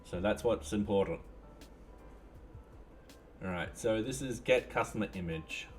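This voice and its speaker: A man's voice: lowish voice, a little slow. A man live-streaming his coding, chatting casually and thinking aloud with lots of fillers. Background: faint music and keyboard typing.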